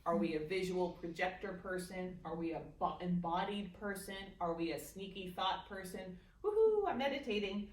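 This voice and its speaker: A woman leading a guided meditation class in a library meeting room, gentle and playful, dropping into a soft aside voice when she speaks to her thoughts. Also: lowish voice, flat delivery, normal speed, few pauses. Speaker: meditation teacher. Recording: echoey room from a distance.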